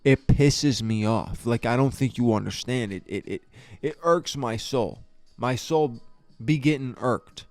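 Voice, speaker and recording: A man's voice: medium pitch, a little slow, a little mellow, no echo, faint music behind. A man hosting a podcast, giving a casual fight review in an exasperated, profane way, stammering and restarting his sentences. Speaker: podcast host. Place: podcast studio.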